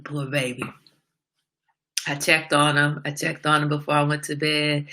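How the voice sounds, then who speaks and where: A woman hosts a casual livestream and tells her story with lively animation, breaking off to greet viewers and answer comments. Her voice sits a little low but sounds bright and crisp. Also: normal speed, long pauses. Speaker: livestream host.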